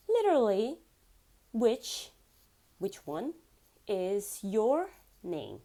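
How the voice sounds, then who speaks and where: A woman teaching a beginner language lesson, repeating words slowly for learners. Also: medium pitch, huge pitch swings, warm tone. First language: Portuguese.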